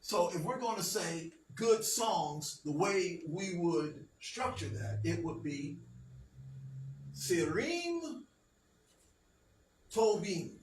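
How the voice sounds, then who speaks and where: A man with a fairly high voice gives a slow, patient classroom lesson, often stopping to ask if everyone follows. He stands away from the mic in a roomy space with a faint hiss behind. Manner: patient, checks understanding with frequent "okay?". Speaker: teacher. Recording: roomy, distant, faint background noise.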